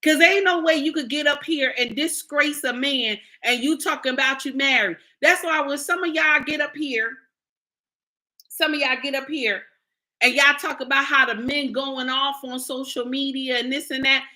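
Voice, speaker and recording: A woman's voice: sits high, moderate pace, pushed and bright. A middle-aged woman content creator, lecturing and scolding her viewers in a blunt, preachy commentary. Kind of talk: livestream commentary rant.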